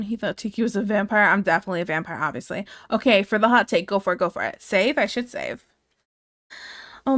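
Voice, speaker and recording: A woman's voice: mid-range voice, no echo, studio quality. A woman from Ohio streaming while she draws, chatting casually and rambling as she answers her live chat and gets sidetracked.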